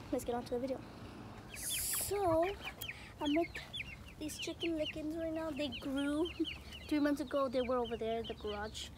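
A young woman with a high voice rambles through a casual vlog, filming on a hand-held phone outdoors. She is excitable and chatty. Clucking chickens and birdsong are clearly heard behind her. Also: noisy background. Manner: rambling, excitable, gets loud when the chickens crowd her. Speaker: vlogger. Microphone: phone camera held in hand.

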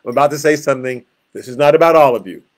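A pastor leading a Bible study, explaining verses in plain words and acting out scenes with growls and groans. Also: male voice, medium pitch, very fast.

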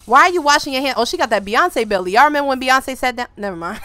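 A young woman giving casual gameplay commentary, excitable, with loud outbursts and slang aimed at her viewers. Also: high voice, fast talker, hardly any pauses, no echo. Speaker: gaming video creator.

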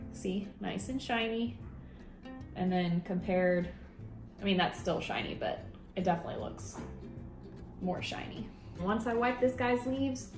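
A woman talking casually and enthusiastically in a home how-to vlog, with plenty of fillers. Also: mid-range voice. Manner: chatty, enthusiastic, lots of fillers. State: breathing heavily. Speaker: vlogger. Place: home office room. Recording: echoey room, faint music.

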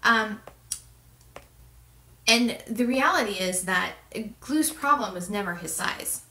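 A woman's voice: mid-range voice, animated, takes it slowly, bright, forceful tone. A woman reviewing a fantasy novel in a casual, conversational way, in a roomy, distant recording. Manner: conversational, with fillers and restarts. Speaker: book reviewer. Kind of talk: casual book commentary with read-aloud passages. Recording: roomy echo, distant mic.

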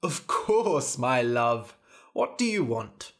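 A man voicing a soft-hearted king who gently pleads with his daughter. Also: medium pitch, sing-song, slow pace, full character voice. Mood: pleading.

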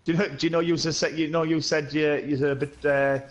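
A man's voice: a little high, little pitch movement, a little fast. A man chatting over a headset during a co-op game, telling rambling, laughing anecdotes. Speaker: co-op gaming teammate. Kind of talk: casual gaming chat and storytelling.

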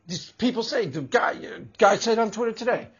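Brief: a male vlogger with a husky, high voice, cursing and mocking; muffled lo-fi audio. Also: animated, normal speed. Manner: swears heavily, laughs often, mocking. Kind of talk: profane opinion rant. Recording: dull lo-fi recording.

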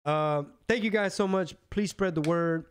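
A man hosting a podcast in casual political chat, animated and slangy, often restarting his sentences. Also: fairly high pitch, unhurried, smooth. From Texas. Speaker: podcast host.

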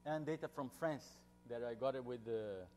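A man's voice: mid-range voice, normal speed, a little mellow, a little hiss or hum. A man with a Brazilian Portuguese accent giving an academic seminar talk, speaking informally with jokes, many fillers and restarts.

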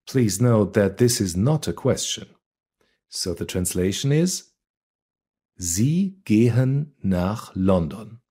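A man teaching a beginner language lesson, reading example words and sentences one at a time in a deliberate, scripted way. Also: mid-range voice, mellow, breathy edge.

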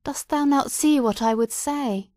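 A woman's voice: high-pitched, a little slow, a little mellow, no echo, voice pushed up. A passionate, desperate woman pleads in a raised, impassioned voice, as a woman reader puts her on. The sound is close and dry, with no room around it. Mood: pleading.

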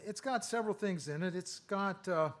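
A middle-aged man giving a lecture, reading his own poems in a measured rhythm and breaking off for hesitant asides full of fillers. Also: high voice, a bit bright. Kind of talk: poetry reading with spoken asides.

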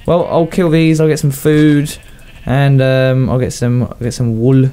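Speaking at an unhurried pace with a level, medium-pitched voice, this young Southern English gaming YouTuber sounds mellow and clean. He rambles casually over a video game, talking to himself and cracking up at his own jokes.

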